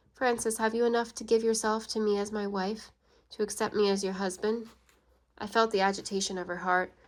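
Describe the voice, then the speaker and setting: A woman reading a classic novel aloud in an even, measured way, giving the quoted lines only a light touch of voice. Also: medium pitch. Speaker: audiobook reader.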